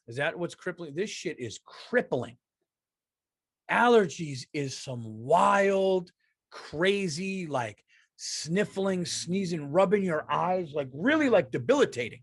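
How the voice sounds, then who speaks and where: A man's voice: high voice, expressive, slow pace, slightly rough, dry recording, studio quality. A man in his thirties, a comedian hosting a casual solo podcast, rambling and profane, stuffy from allergies. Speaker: podcast host and stand-up comedian.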